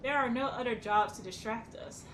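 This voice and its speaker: A woman voicing a calm, weary mentor figure who speaks in a measured, solemn way, reading game dialogue aloud. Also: fairly high pitch, slight background noise, close to an everyday voice, poor audio.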